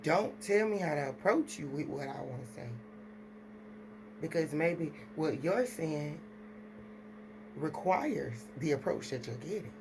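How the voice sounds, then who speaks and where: A woman chats to her viewers, rambling loosely from one thought to the next. Her voice has a gravelly fry. The home recording carries clear background noise. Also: low-pitched, expressive, unhurried, pauses often. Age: adult with children. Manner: rambling, chatty, talks straight to viewers. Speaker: vlogger. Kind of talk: casual chat to camera.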